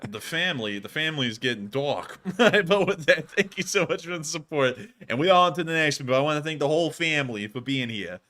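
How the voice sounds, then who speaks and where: Bright-voiced rambling American stream host. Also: male voice, fairly high pitch, a little fast, few pauses. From United States. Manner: rambling, with frequent restarts and bursts of excitement. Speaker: livestream host. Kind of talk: casual livestream chat.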